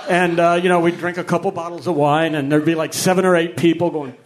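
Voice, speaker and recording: Chuckling man, slightly high voice. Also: steady tone, quick pace, slight background noise. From Akron, Ohio, USA. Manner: rambling, chuckles through his stories. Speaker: musician guest. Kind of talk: anecdotal storytelling.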